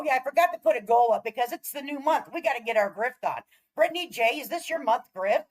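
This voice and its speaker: A woman's voice: on the high side, low-quality recording. A woman hosting a casual reaction stream, talking in a sassy, blunt, profane way. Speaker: commentary streamer host.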